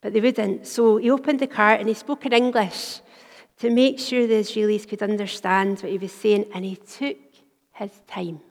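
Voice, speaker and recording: A woman preaching a sermon, telling a story earnestly and dropping to a hush for quoted words. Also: mid-range voice, steady tone, normal speed. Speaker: minister. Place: church. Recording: long church reverb.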